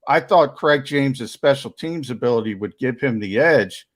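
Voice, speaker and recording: Male sports analyst, mid-pitched, opinionated, talky; casual roster debate. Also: animated, moderate pace. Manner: opinionated, restarts often.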